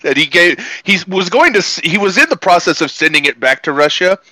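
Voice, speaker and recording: A man in casual political podcast chat, telling stories in an animated, mocking way with plenty of swearing. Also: sits high, fairly quick, no echo, poor audio. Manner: animated storyteller, profane, mocking.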